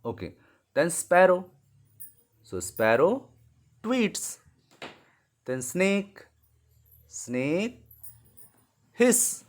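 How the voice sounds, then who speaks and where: A man's voice: on the high side, very animated, extremely slow, long pauses. A man teaching animal sounds to young children, patient and repeating key words. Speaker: English teacher. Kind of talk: slow lesson for young children.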